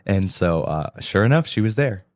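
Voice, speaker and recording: Young male podcast co-host, low voice, earnest storyteller, dry close mic. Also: moderate pace, no echo. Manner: earnest, animated storytelling with quoted dialogue. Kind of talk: storytelling testimony.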